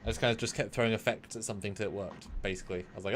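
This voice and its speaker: A man's voice: lowish voice, fairly even intonation, rapid-fire, a bit bright, slight background noise. Chatty male livestream co-host. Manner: chatty, laughing, trailing off. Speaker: show co-host. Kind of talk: casual livestream chat.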